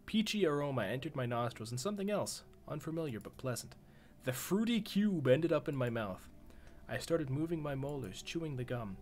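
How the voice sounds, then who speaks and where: A man's voice: fairly high pitch, animated, normal speed, a little mellow. Man streaming a horror game, cussing. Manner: profane, jokey reactions. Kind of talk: reading a horror visual novel aloud live.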